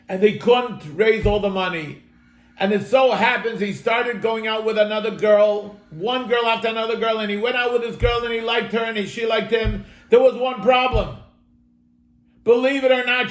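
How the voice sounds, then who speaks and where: A rabbi teaches an online class from home, telling a story in an earnest, dramatic sermon-style lesson and calling his listeners "my friends." His voice is high, and the room sounds echoey.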